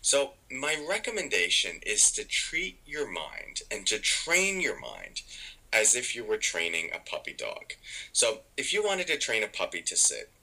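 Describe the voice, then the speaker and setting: A man's voice: fairly low pitch, wildly swooping pitch, a little slow, creaky, bright, forceful tone, poor audio. A man, a meditation author and podcast guest, explaining in casual chat and acting out the inner voices of his stories.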